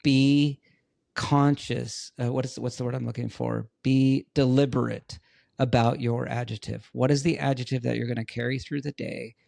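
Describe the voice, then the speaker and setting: A middle-aged man talks as a podcast guest, with a gravelly, creaky edge to his voice. He tells his stories earnestly and repeats words for emphasis. The sound is dry and close. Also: mid-range voice, steady tone, normal speed, a little mellow, no echo. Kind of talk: casual interview chat.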